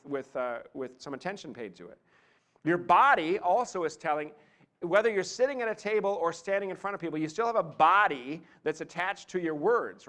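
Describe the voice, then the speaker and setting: A man coaching an audience from a podium, his voice sitting a little higher than most men's. He talks in a lively, theatrical way and keeps breaking off into chatty asides. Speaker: presentation skills coach. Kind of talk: live talk to an audience. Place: meeting room, speaking from a podium.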